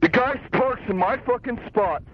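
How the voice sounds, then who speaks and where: A man's voice: very high-pitched, normal speed, a little hiss or hum. Agitated young man ranting, lo-fi tape. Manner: agitated, profane, boastful ranting. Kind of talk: casual phone-style conversation. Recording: muffled lo-fi cassette tape.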